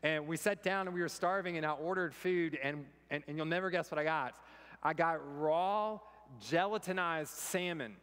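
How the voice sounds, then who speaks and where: American pastor guy preaching, kind of high voice, lots of jokey stories, big echoey church. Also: moderate pace, a bit bright, smooth. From United States. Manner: storytelling, self-deprecating humor. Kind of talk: sermon. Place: church sanctuary.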